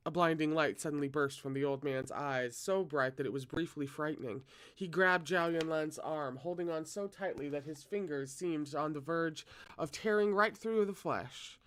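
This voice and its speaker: Male read-aloud narrator, fairly high voice, steady delivery. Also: normal speed, smooth. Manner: steady, occasional self-corrections. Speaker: reader. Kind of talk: reading a novel aloud.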